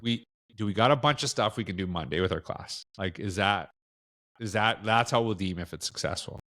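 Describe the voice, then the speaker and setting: A man's voice: lowish voice, fairly quick, a bit bright. A middle-aged man with a Canadian accent, a podcast guest talking casually, rambling with many fillers and restarts. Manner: rambling, lots of fillers and restarts, acts out quoted dialogue. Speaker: podcast guest, education speaker. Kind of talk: casual interview chat.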